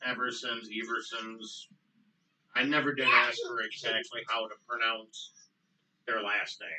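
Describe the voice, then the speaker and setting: A man co-hosting a casual podcast chat, choking up and pausing often with ums. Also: mid-range voice, steady tone, pushed and bright, distant mic, slight background noise, rough recording. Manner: choked up, halting with many ums. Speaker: podcast co-host.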